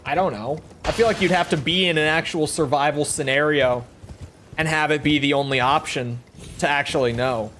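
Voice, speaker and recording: A man's voice: a little high, normal speed, fairly bright tone, slight background noise. Chatty throat-voiced young male streamer. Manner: talks from the throat to project, chatty and rambling. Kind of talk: casual gaming stream chat.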